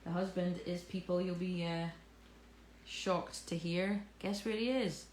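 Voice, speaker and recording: A woman's voice: lowish voice, fairly even intonation, unhurried, darkish tone, a little hiss or hum. Chatty woman teaching live. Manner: jokey, self-mocking, chatty. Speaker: cake decorating instructor. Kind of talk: live tutorial chat. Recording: echoey room with faint ambience.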